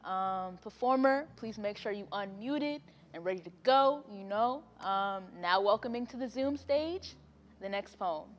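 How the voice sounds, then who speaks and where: A woman's voice: medium pitch, expressive, unhurried, big-room sound, slight background noise. A woman hosting an online poetry event in a chatty, casual way, with laughing asides and fillers. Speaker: host. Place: home, on a video call.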